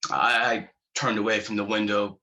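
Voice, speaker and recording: Guy acting a haunted war vet, slow halting telling, lowish bright voice. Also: fairly even intonation, low-quality recording. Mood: grim. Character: haunted male war veteran recounting horror. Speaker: actor performing a monologue. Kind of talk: dramatic monologue.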